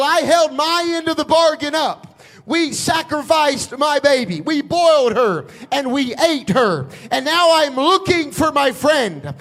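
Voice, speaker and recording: A man's voice: very high voice, fairly bright tone, pitched above the performer's own voice, heavily acted, poor audio. A man voicing a distraught woman who pleads her story to a king.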